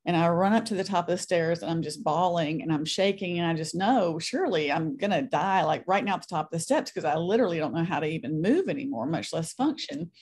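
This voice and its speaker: A woman's voice: lowish voice, animated, fast, hardly any pauses, darkish tone, slightly rough. A middle-aged woman, a guest on a faith podcast, telling her story earnestly and acting out the voices she quotes.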